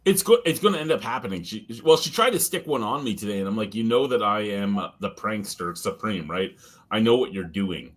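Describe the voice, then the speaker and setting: Animated husky man telling work stories. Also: fairly low pitch, a little fast. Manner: animated storyteller, swears, laughs often. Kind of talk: casual podcast chat.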